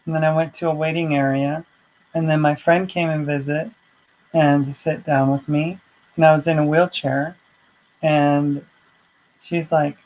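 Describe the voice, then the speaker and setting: Slow, rambling woman telling a story. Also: deep voice, little pitch movement, a little mellow, poor audio. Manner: rambling and chatty, full of asides. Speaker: vlogger. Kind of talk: casual personal storytelling.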